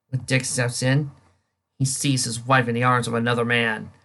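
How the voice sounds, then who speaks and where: A comic reader narrating panels aloud, animated, sometimes stumbling over words. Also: medium pitch, normal speed. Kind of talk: reading a comic aloud with voices.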